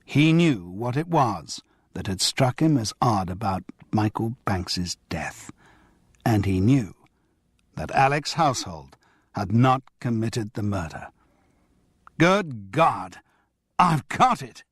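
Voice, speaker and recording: A man reading a cozy mystery audiobook as narrator, with expressive storytelling delivery. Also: lowish voice, takes it slowly, slightly rough, dry recording, clean studio sound. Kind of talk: scripted narration.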